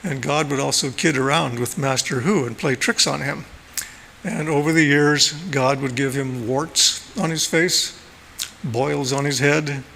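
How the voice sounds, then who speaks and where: A man with a gravelly, fairly high voice tells a story in an easy, playful way at a church service. His voice carries a long hall echo over faint room noise. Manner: gentle storyteller, playful asides. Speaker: lay speaker. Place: church sanctuary.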